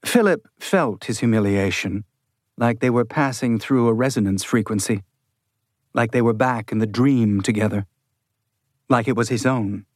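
A man reading an audiobook in measured, steady scripted narration. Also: medium pitch, no room sound, clean studio sound.

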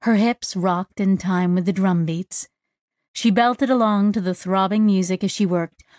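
Woman reading an audiobook, slow and measured, dead dry studio sound. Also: mid-range voice, a little mellow, dry recording. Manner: measured and descriptive. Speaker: audiobook narrator. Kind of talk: scripted narration.

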